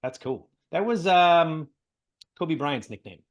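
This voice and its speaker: A man co-hosting a casual chat show in a joking, animated way. His voice sits a touch high for a man. He laughs easily and rambles happily between topics. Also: takes it slowly. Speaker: podcast co-host.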